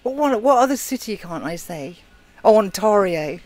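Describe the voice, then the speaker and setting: A British man with a high-pitched, animated voice and a darkish tone talks at a moderate pace. He co-hosts a live chat show, chatting casually and reading out viewer comments.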